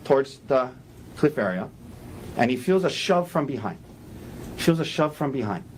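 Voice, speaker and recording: A man giving a defense opening statement in a courtroom, talking in an animated, repetitive way and acting out the quoted dialogue. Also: medium pitch, normal speed, a little hiss or hum, low-quality recording. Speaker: defense attorney.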